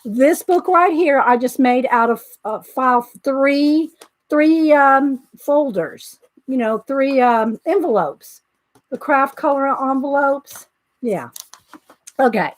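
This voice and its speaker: Middle-aged woman, high-pitched, slightly breathless, rambling livestream host chatting with viewers. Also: animated, takes it slowly. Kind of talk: casual livestream chat.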